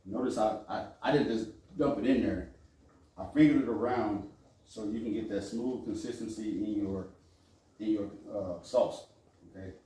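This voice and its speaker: Low-voiced joking man cooking in an echoey kitchen. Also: normal speed, warm tone, far from the mic. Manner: chatty, joking asides to viewers. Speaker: cooking show host. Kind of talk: casual cooking demonstration.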